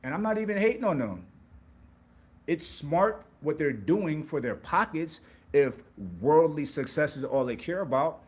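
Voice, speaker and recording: A man's voice: on the high side, lively intonation, measured pace, slightly rough. A man hosting a live stream, giving an emphatic, preachy motivational monologue with repeated words and rhetorical questions. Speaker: host.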